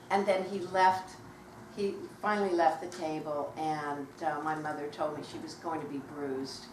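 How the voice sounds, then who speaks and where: A woman in her sixties, a guest author telling anecdotes to a live audience at a bookshop, animated and acting out voices as she goes. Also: on the low side. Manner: animated, acts out quoted voices, laughs while telling. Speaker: guest author at a book talk. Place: bookshop event room. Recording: roomy, distant mic, faint noise.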